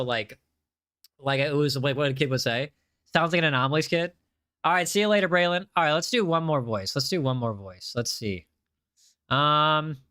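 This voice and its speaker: A man's voice: on the high side, pushed and bright, clean tone. A man casually chatting on a game livestream, reading chat aloud and often repeating himself.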